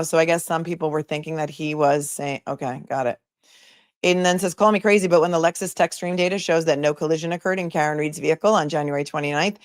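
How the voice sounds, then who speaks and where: A woman's voice: on the low side, dry recording. Chatty woman host, dry close sound. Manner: chatty, jokey, reads chat messages aloud. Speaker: host of a live trial commentary stream. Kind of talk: casual live-stream chat reading viewer comments.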